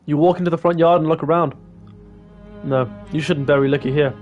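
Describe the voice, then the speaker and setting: A man's voice: a little high, steady tone, fairly quick, highs cut off, soft background music. A man streaming a game, reading its text aloud and making casual asides. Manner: casual asides between narration.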